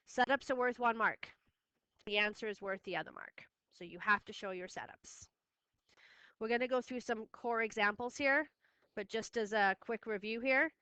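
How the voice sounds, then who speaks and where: A woman's voice: a little high, bright, forceful tone, smooth, no room sound. A woman teaching a math lesson, firm and repeating key steps for her students. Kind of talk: classroom lesson recording.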